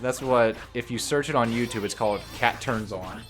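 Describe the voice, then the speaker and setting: Very deep-voiced wisecracking woman gamer. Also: normal speed, over loud music. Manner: dry, wisecracking. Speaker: co-host of a let's play. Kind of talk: casual gameplay commentary. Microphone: own desk microphone.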